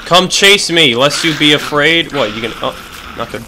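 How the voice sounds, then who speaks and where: A man giving profane, excitable commentary while playing a video game, swinging between shouted outbursts and low muttering. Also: moderate pace, noisy background. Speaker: let's play gamer. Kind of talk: gaming commentary.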